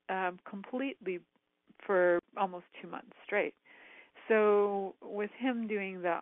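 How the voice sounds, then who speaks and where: A woman's voice: fairly low pitch, no echo. A woman host telling a personal story frankly, rambling with lots of "like" and "um". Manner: frank, rambling, heavy use of "like" and "um". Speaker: talk show host. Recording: tinny phone-line sound, dry.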